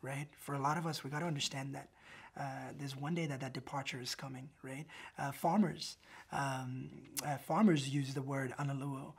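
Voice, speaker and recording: A man's voice: medium pitch, steady tone, moderate pace, gravelly, husky. A man preaching a sermon in a loose, conversational storytelling way, often asking "right?" and restarting his sentences. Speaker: pastor.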